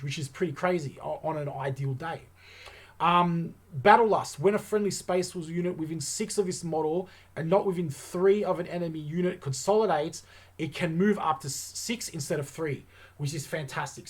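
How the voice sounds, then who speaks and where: A man hosting a wargaming channel, talking through tabletop game rules in a casual, enthusiastic way and thinking aloud with lots of fillers. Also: a little high.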